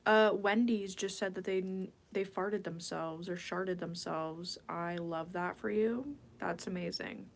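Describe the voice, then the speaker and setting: A woman's voice: lowish voice, fairly even intonation, a little slow, creaky, hardly any pauses. A woman hosting an ASMR livestream, chatting casually and playfully as she answers viewers' questions, often dropping into a whisper. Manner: casual rambling, drifting into whispered asides. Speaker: ASMR livestream host reading chat.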